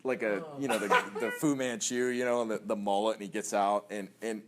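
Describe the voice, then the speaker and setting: Low-voiced pastor, chatty and animated. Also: male voice, a little fast, heavy background noise. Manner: conversational, animated storytelling with laughs and acted voices. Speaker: young adults pastor. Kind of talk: sermon teaching.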